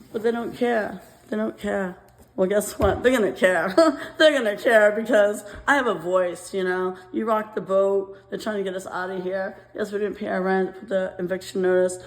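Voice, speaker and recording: A woman's voice: medium pitch, echoey room. A woman from the United States venting in an emotional personal rant at home, rambling, repeating phrases and laughing nervously between them. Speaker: vlogger. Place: apartment at home.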